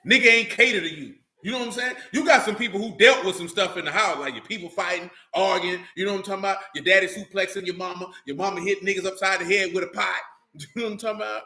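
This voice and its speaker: This religious group speaker has a high-pitched, fast voice with a sharp tone. He talks casually and bluntly without a script, full of profanity, and keeps asking "you know what I'm saying." The recording has a roomy echo.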